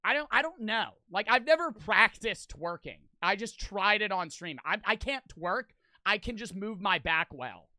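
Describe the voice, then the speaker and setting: A male streamer chatting casually and profanely with his viewers. His voice is high, bright and clear. The sound is dry and close, with no room echo. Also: very animated, normal speed. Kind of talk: livestream chat, reading donations.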